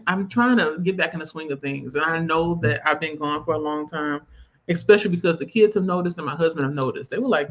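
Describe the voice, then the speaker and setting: A woman's voice: deep voice, lively intonation, normal speed. A woman hosting a live video call, talking in a loose, chatty way and breaking into laughs. Her audio comes through dull and lo-fi, like a stream over a video call. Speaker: livestream host. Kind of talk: casual livestream chat.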